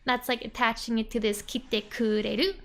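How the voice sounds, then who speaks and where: A young woman giving a casual, chatty language lesson. She says "like" often and laughs softly between points. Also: a little high, steady tone, normal speed. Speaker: Japanese language teacher.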